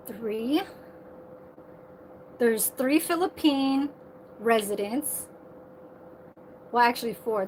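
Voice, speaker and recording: A woman's voice: on the high side, slight background noise, rough recording. A woman vlogging in a casual, rambling monologue, swearing freely and laughing at her own asides about working as a server. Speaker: server at a senior living community.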